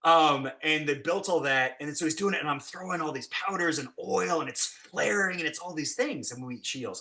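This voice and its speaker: A man, a special effects blacksmith, telling set stories in a casual, animated way and acting out what people said. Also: normal speed. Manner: animated, acts out quotes with big pitch jumps. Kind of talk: casual storytelling.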